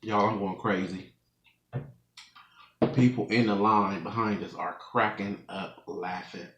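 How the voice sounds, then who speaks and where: Slow-talking young man, bright voice. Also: lowish voice, steady tone, muffled recording, a little hiss or hum. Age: 20s. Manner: rambling, laughs often while telling a story. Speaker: mukbang vlogger. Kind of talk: casual storytelling to viewers. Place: room at home. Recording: echoey room.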